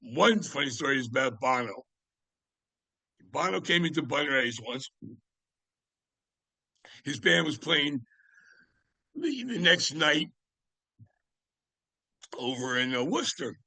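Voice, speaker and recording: Gravelly older man telling rambling stories. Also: medium pitch, big pitch swings, slow, pauses often, pushed and bright, dry recording. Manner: rambling, with many fillers and restarts. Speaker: guest, music writer. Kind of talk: casual anecdotal storytelling.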